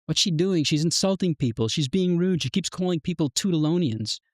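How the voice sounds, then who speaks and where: A man voicing an angry, pleading young ex-wife, who talks in sharp, exasperated questions. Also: fairly low pitch, expressive, brisk, dry recording, clean studio sound, pitched above the performer's own voice.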